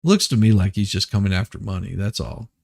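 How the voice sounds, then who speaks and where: A man's voice: lowish voice, brisk, vocal fry, a little mellow. A man hosting a casual news commentary stream, rambling and restarting his sentences as he laughs at absurd claims. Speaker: host.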